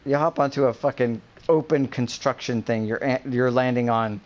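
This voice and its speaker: A man in casual chat, rambling with many fillers and breaking into profane, animated rants. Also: medium pitch, normal speed.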